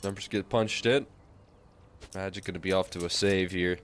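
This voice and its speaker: A man with a very deep voice gives calm, measured color commentary on a live match. He breaks down the play in a relaxed way. Clicks and gunfire from the game sound clearly behind him. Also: a little hiss or hum. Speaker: esports commentator.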